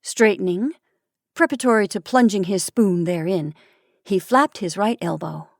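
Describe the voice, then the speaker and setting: A woman hosting a storytime show, reading a classic short story aloud in an expressive, measured way. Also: mid-range voice, creaky, dry recording, clean studio sound. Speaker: storytime podcast host.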